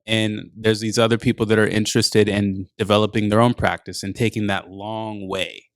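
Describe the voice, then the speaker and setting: A man's voice: on the low side, level tone, moderate pace, dry recording, studio quality. A man chatting casually on a podcast as a meditation and wellness coach, laid-back and full of filler words.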